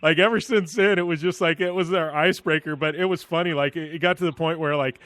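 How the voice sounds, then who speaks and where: A man's voice: fairly high pitch, steady tone, fast, a bit bright, no echo. A man hosting a motorsport radio show, casually telling stories and chatting with a guest. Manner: chatty anecdotal storyteller. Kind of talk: casual chat.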